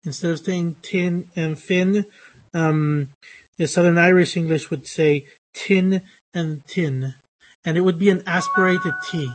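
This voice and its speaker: A man's voice: a little high, fairly even intonation, unhurried. A man teaching English phonetics in a lecture, speaking with many hesitations, fillers and restarts. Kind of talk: online lecture.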